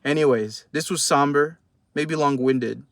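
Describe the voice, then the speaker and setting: A man's voice: a little high, unhurried, dry recording, clean studio sound. A young man giving heated, profane post-fight boxing commentary in a casual vlog. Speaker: boxing vlogger.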